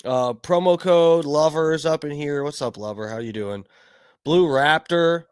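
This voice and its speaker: A man hosting his own live stream, rambling casually with plenty of swearing and shout-outs to chatters by name. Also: fairly high pitch, measured pace, smooth, dry recording, studio quality. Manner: rambling, profane, greets chat by name. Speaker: livestream host.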